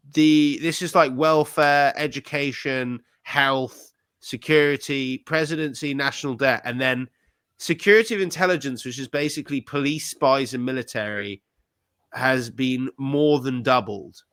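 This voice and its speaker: A man co-hosting a podcast, talking in a blunt, sweary, animated rant. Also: mid-range voice, no room sound. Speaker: podcast co-host. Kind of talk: ranty casual chat.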